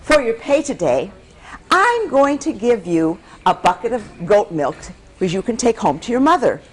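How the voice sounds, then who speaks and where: A woman's voice: mid-range voice, big pitch swings, moderate pace, a little hiss or hum, natural voice, poor audio. A woman storyteller voicing a plain-spoken male goat farmer who talks in a matter-of-fact way. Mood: approving.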